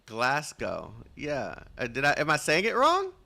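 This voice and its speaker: Gravelly man rambling through game dialogue. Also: on the high side, wildly swooping pitch, normal speed, bright, forceful tone. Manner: rambling, self-mocking, stumbles over names. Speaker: streamer playing a game. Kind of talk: casual gameplay commentary, reading dialogue aloud.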